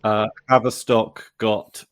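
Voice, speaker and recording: A man in casual chat, speaking haltingly with lots of fillers. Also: lowish voice, level tone, clean tone. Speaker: co-host.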